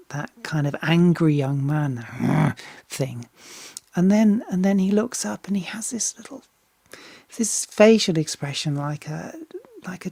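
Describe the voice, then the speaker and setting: Halting, enthusiastic woman reacting to music. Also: sits low, creaky, warm tone, breathy edge, no echo. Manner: halting, repeats words, swears freely, enthusiastic. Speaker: singer reacting to a music video. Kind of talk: casual reaction commentary.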